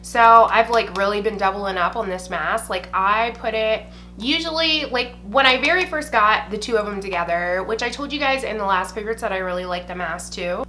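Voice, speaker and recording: A woman's voice: medium pitch, bright, forceful tone, a little hiss or hum. A young woman, chatting casually and gushing as she reviews beauty products at home, saying "y'all" and swearing lightly. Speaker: beauty vlogger. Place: indoors at home.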